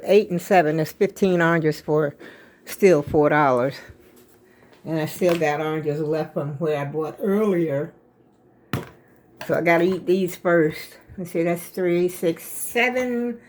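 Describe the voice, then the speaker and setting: An older woman talks to her viewers at home. She rambles casually from one chore to the next, a little out of breath. Her pace is easy and unhurried. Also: lowish voice, a little mellow, a little hiss or hum. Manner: rambling, chatty, addresses viewers as y'all. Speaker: vlogger. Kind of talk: casual home vlog chat.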